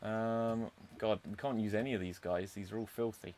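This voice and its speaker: A man's voice: on the low side, steady tone, moderate pace, darkish tone. Joking male improv host. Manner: joking, loose, hesitant fillers. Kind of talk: improv show hosting.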